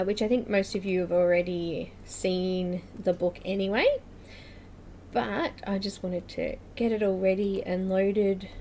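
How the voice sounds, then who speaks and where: A woman's voice: mid-range voice, a little mellow, slight background noise. A woman hosting a live coloring tutorial stream, chatting casually, laughing often and greeting viewers by name. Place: home room with air conditioner running.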